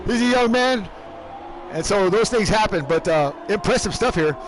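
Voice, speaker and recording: High-voiced, excitable male race commentator. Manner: animated, shouting in bursts, repeats words rapidly. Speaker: race commentator and league team owner. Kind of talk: excitable live sim-racing commentary.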